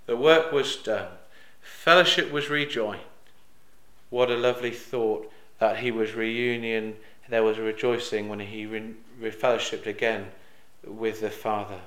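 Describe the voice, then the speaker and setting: A man preaching a sermon. He drops soft on reflective lines, hesitates with fillers and restarts, and rises to loud, emphatic peaks on quoted cries. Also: fairly low pitch, fairly even intonation, a little slow, roomy sound.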